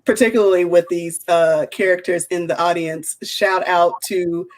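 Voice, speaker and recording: A woman's voice: fairly low pitch, steady tone, moderate pace, low-quality recording. A woman hosting a casual panel chat, playful and chatty as she reads out audience questions. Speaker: panel host.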